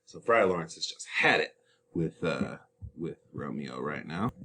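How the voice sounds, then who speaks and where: Man, teacher, casual chatty explainer, lively pitch. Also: unhurried, slight background noise. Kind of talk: explaining a play scene by scene.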